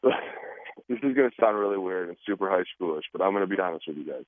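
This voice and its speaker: Animated football player on a phone line. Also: male voice, deep voice, fast talker, no room sound. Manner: animated, joking, acts out quotes. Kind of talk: casual radio interview.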